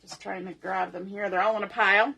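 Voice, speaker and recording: A woman's voice: mid-range voice, flat delivery, a little fast, vocal fry, sharp tone, highs cut off. A middle-aged woman hosting a papercraft tutorial, talking through each step aloud in a chatty way at her craft table. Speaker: papercraft host.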